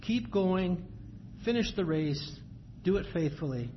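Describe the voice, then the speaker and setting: A man with a somewhat high voice preaches a sermon. He reads scripture in a measured cadence, then explains it in plain, everyday words. The recording is dull and lo-fi, with faint ambient noise behind him. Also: animated.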